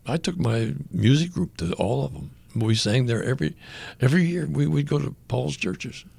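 An older man telling a personal story as a radio guest, animated, acting out the voices of the people he quotes. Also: mid-range voice, moderate pace, creaky, husky. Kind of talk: conversational testimony.

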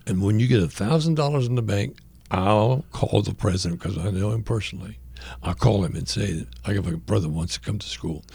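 Gravelly older man telling a story. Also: fairly low pitch, no echo. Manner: animated storytelling, acting out quoted voices. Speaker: radio guest telling a story. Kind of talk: conversational testimony.

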